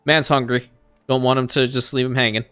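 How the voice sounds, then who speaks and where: A man giving casual let's-play commentary on a strategy game, excitable, talking to the game characters and laughing often. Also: mid-range voice, a little fast, smooth, soft background music. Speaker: gaming YouTuber.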